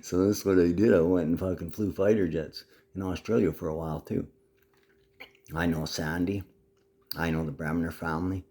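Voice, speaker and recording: A man with a very low voice rambles through a video message to his family. He sounds agitated and swears freely as he hops from topic to topic. Now and then he slides into a put-on Aussie twang. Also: steady tone, normal speed, mellow. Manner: profane, agitated, jumps between topics; slips in and out of a mock Aussie twang.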